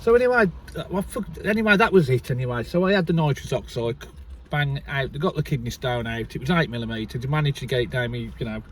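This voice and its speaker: A man's voice: mid-range voice, animated, fast, fairly bright tone, distant mic, slight background noise. A man telling a long story in casual chat, rambling and swearing freely, recorded inside a car. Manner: rambling, keeps restarting with "so anyway". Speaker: vlogger.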